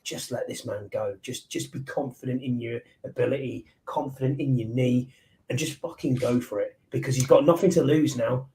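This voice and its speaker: A man's voice: mid-range voice, moderate pace, mellow, slight background noise. A man with a Liverpool accent co-hosting a casual sports podcast, talking in an eager, rambling way. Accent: Liverpool English. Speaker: podcast co-host.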